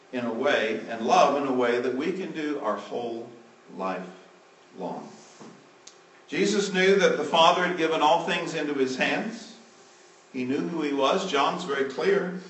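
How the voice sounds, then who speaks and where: A male preacher delivering a sermon, swinging between loud emphatic lines and hushed, trailing phrase endings. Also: on the high side, recorded from a distance. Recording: roomy, from off the mic.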